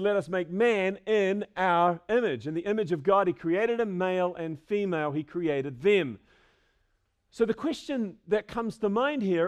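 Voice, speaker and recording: A man preaching an expository sermon in a church, stressing key phrases and repeating them for emphasis. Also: high voice. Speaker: pastor. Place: church sanctuary with a screen.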